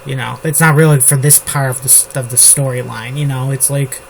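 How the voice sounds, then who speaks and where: A man writing a novel on camera, slowly reading his draft aloud and rambling about it with lots of fillers. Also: mid-range voice, gravelly. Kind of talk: writing session, thinking aloud. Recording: steady background noise with keyboard typing. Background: computer keyboard typing.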